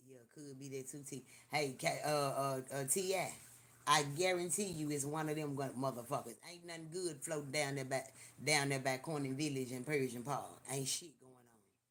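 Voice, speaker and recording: An older person hosting a live stream, telling stories in an animated, profane way and talking straight to viewers. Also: medium pitch, moderate pace. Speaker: livestream host. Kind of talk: casual live-stream storytelling.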